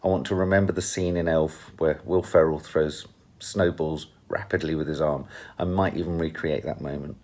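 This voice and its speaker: Deep-voiced English man vlogger, dry and teasing. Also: steady tone, moderate pace, darkish tone. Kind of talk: casual chat.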